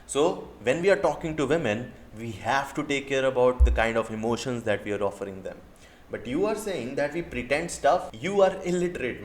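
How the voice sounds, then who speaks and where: A man's voice: mid-range voice, reverberant. An indignant man with an Indian English accent rants straight to camera. He is a dating coach firing off rhetorical questions and casual swearing in a heated reaction video.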